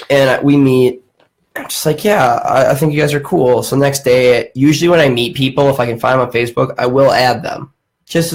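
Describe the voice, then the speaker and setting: Man, podcast host, casual, swearing, ranting, mid-pitched voice. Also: low-quality recording. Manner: profane, ranting storyteller. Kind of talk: casual chat.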